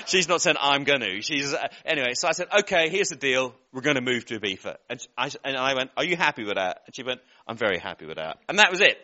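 A man preaching a sermon, telling a lively personal story and laughing at his own jokes. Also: mid-range voice, dull audio.

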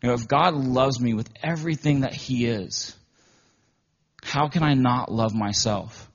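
Male preacher, husky voice, chatty emotional sermon delivery, dull lo-fi audio. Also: mid-range voice, measured pace. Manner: conversational storytelling, often emotional. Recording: dull lo-fi recording.

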